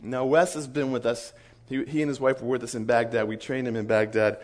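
A man, a missionary, telling an animated story in a sermon, chuckling often and acting out the people in it. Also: mid-range voice, fairly quick.

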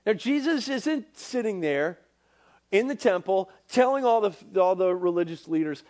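A young man preaching to a youth group, casual and animated, acting out bits of dialogue with many fillers. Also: high-pitched, unhurried. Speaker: youth pastor. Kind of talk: sermon to young people.

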